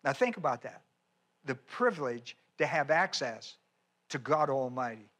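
A man's voice: medium pitch, expressive, moderate pace, a bit bright. A man preaching a sermon as pastor, folksy and emphatic, with chatty asides and repeated phrases. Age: older.

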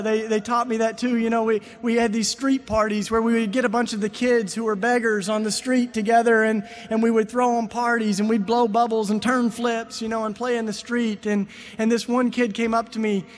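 A man with a notably high voice delivers a sermon. He tells his stories in a casual, conversational way. At key points he rises into emphatic, fervent preaching. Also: little pitch movement, normal speed, hardly any pauses, in a large hall, a little hiss or hum. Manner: storytelling, rising to emphatic preaching. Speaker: speaker.

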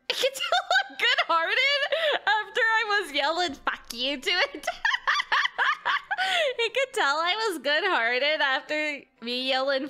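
Giggly woman VTuber, high bright voice, unhurried chat, faint game music behind. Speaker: VTuber streamer. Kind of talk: casual live-stream gaming chat.

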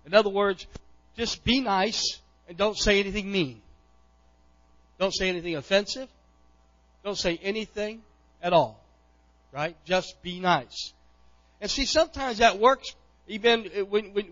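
A middle-aged male pastor preaching a sermon, impassioned, often pushing to near-shouts and repeating words as he goes. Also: sits high, moderate pace, lo-fi sound.

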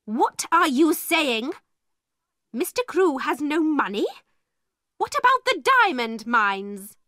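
A stern, indignant headmistress, put on by a woman reading a storybook aloud, her voice climbing high and swinging widely as she presses each word slowly and sharply. The sound is close and dry. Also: sing-song, no room sound, exaggerated voice. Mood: angry. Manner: sharp, indignant, slow and emphatic. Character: stern, angry female headmistress, middle-aged.

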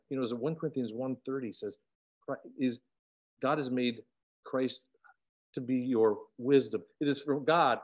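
Animated man teaching a Bible study. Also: medium pitch. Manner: animated, swings between loud emphasis and quiet asides. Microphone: video call.

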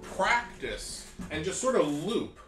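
A man's voice: sits high, big pitch swings, slow pace, roomy sound. A man giving a guitar lesson, explaining patiently, humming melodies and checking in with "right?". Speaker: guitar teacher. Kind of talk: casual lesson talk.

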